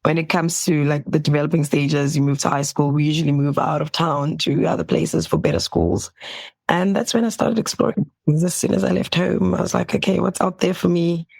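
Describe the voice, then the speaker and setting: A woman's voice: low-pitched, a little fast, vocal fry, breathy edge, no echo. A young woman doctor from South Africa, talking about her path in an interview, reflective and laughing often. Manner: warm, laughs often, animated quoting. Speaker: guest, medical doctor. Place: at home.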